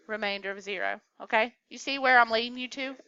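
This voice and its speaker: A woman's voice: a little high, fast talker, vocal fry, sharp tone, clean tone, dry recording, dull audio. A woman teaching a math class, coaxing students along with questions in a classroom lecture.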